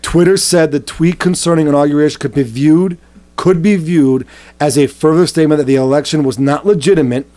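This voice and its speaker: A man with a slightly raised pitch co-hosts a loose podcast. He reads news aloud, then picks it apart with crude, sarcastic jokes. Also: brisk, mellow. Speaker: podcast co-host. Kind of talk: casual satirical podcast banter.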